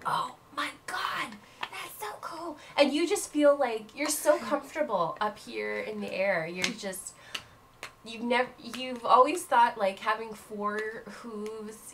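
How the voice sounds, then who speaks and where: A woman narrating as game master in an animated storytelling manner. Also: medium pitch, background noise.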